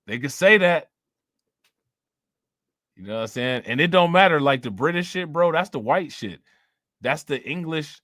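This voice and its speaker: A man's voice: a little high, pushed and bright, dry recording, studio quality. A man hosting a live stream, talking loosely and profanely, laughing often and repeating himself. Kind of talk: casual live-stream commentary.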